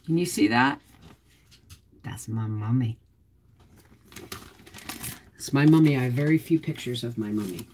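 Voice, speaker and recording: A middle-aged woman hosting a casual vlog, rambling to herself and her viewers while digging through old photos, with sudden loud, high exclamations. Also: unhurried, long pauses, a little hiss or hum. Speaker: homestead vlogger.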